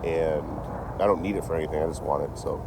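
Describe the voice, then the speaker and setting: A man's voice: extremely low pitch, steady tone, quick pace. A young man chatting casually on a live stream from outdoors, rambling and profane, laughing between thoughts. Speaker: train-hopping livestreamer. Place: outdoors in town near a store. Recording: phone outdoors with street noise.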